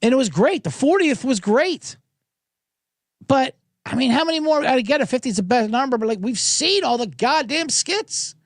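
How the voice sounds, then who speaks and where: Animated sarcastic male podcast host. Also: very high-pitched, moderate pace, no room sound, clean studio sound. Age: middle-aged. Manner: sarcastic, animated, swears freely. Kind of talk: ranting comedic podcast monologue.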